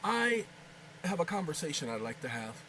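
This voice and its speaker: High bright-voiced rambling male vlogger. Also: sing-song, normal speed, slight background noise, poor audio. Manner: rambling, joking, scolds his AI aside to viewers. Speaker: channel host. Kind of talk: casual talking-head video chat. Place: home kitchen.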